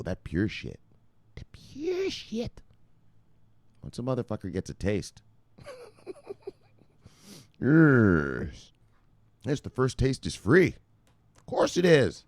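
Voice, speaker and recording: A man hosting a cryptocurrency news vlog in an excitable, profane style, laughing often and repeating himself. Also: unhurried, pauses often, no echo. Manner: shouts "bang" and "boom" with rising excitement.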